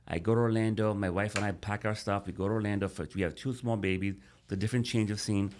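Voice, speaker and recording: A man's voice: fairly low pitch, fairly even intonation, fast talker, few pauses, darkish tone, slight background noise. A middle-aged man, a podcast guest, telling his life story casually and animatedly, calling the host "bro".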